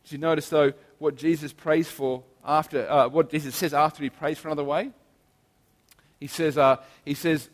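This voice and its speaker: A man preaching a sermon in an earnest, emphatic way, slowing down to stress key phrases. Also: on the high side, fairly even intonation, in a large hall.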